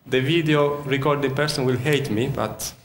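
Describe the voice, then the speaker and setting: A man's voice: mid-range voice, normal speed, a little hiss or hum. A man from Sicily with an Italian accent giving an interactive keynote lecture, quizzing the audience and often restarting his sentences. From Sicily, Italy. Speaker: university lecturer. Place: lecture hall. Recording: echoey lecture hall.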